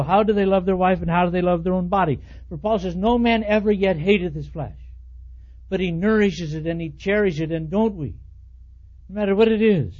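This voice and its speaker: High-pitched guy preaching, folksy and chatty, muffled old tape sound. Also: a little mellow. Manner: folksy, acts out quoted voices with rising pitch. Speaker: pastor. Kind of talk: expository sermon. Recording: dull lo-fi sermon recording.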